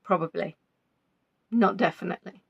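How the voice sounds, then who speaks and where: A woman's voice: on the low side, moderate pace, vocal fry, breathy edge, highs cut off. A woman hosting a casual livestream from home, chatting in a rambling, self-deprecating way, still not fully recovered from an illness. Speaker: livestream host. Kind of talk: casual live-stream chat.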